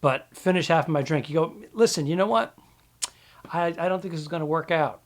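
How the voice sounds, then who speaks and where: A man's voice: on the high side, a little fast. A man co-hosting a comedy podcast, bantering and throwing in teasing questions. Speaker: podcast co-host.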